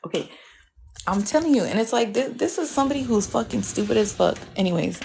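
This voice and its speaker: A woman's voice: on the high side, quick pace, vocal fry, noisy background. A young adult woman giving a casual tarot reading to her viewers, brash, profane and teasing, often breaking into laughter. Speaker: tarot reader.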